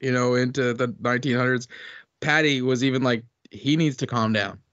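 A man's voice: medium pitch, fairly even intonation, moderate pace, a bit bright, no echo. Man, podcast co-host, wry quips, dry dull recording. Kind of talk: casual podcast chat.

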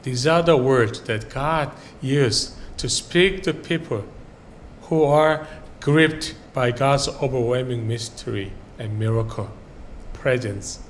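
A male pastor delivers a sermon in a slow, deliberate cadence at an ordinary middle pitch. His phrases often fade to a quiet close. A faint hiss of background noise sits under the recording. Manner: slow, earnest preaching with soft trailing phrase endings. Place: church sanctuary.

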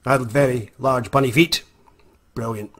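A Scottish man and author telling a comic story to camera in a wry, animated way. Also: medium pitch, moderate pace. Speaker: vlogger, author.

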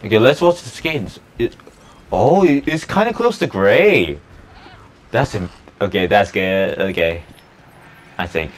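A man giving casual let's play commentary on a park-building game, chatty and excitable, talking to the dinosaurs and laughing often. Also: on the low side, unhurried, pauses often. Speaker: gameplay YouTuber.

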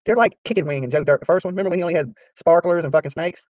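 A man's voice: on the high side, very fast, no room sound. A man hosting his channel, ranting casually to viewers in a boastful, profane, trash-talking way. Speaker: YouTube channel host. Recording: dry, slightly dull lo-fi sound.

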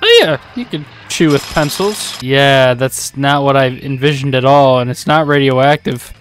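A man giving casual, sarcastic commentary over gameplay, swearing often and breaking into loud outbursts. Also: medium pitch, normal speed, background noise. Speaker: let's play gamer.

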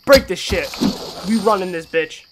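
A man giving profane, sarcastic let's-play commentary on a horror game, moving between low mutters and panicked yells. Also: expressive, normal speed, a little hiss or hum. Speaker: gaming YouTuber.

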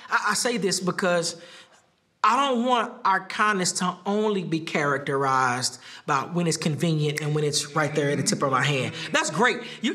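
A man preaching a sermon as pastor, animated, laughing often and acting out quoted lines. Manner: acts out quoted speech with rising pitch.

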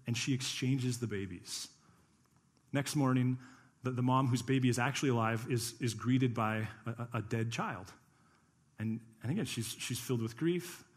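A man, a pastor, preaching a sermon in church, telling stories with playful asides to the congregation. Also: medium pitch.

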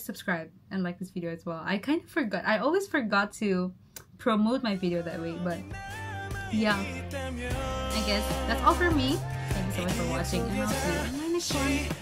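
A woman talks straight to her viewers in a gushing, exclamatory way as she reacts to a music video. Her voice sits in a mid range, and faint music from the video plays behind her. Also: mid-range voice. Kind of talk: excited reaction vlog chat.

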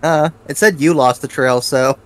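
A man's voice: medium pitch, moderate pace, fairly bright tone. A man co-playing a video game, teasing his partner with dry remarks in casual banter. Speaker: co-player.

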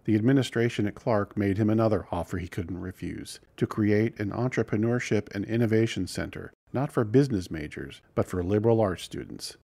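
A man hosting a podcast, reading scripted narration in a measured, even way. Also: fairly low pitch.

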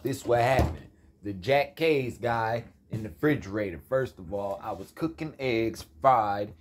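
A man's voice: mid-range voice, measured pace, a little hiss or hum. A young adult man telling a rambling, profane story in a casual rant.

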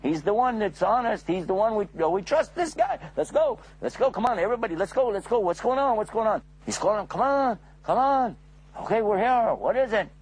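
A man voicing an eager, loud crowd of townsmen in a children's story, calling out in a high, raspy voice. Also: animated, fairly quick, full character voice. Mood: excited. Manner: high, shouting, overlapping calls.

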